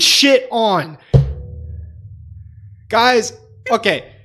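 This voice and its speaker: A man's voice: on the high side, a little slow, soft background music. A man co-hosting a podcast, telling stories in casual, profane chat. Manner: profane, animated storyteller. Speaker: podcast co-host.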